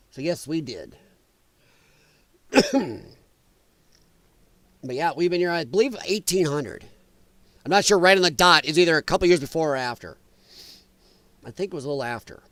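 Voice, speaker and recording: A man with a notably high voice hosts a casual livestream, talking straight to his chat. He is animated and laughs often between riffs. The sound is close and dry, with no room around it. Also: no echo. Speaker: livestream host.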